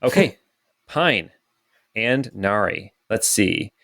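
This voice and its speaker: A man narrating as dungeon master in a calm, methodical way, filling pauses with "okay" and "um.". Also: on the low side, creaky, dry recording, clean studio sound. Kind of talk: narrating a tabletop game.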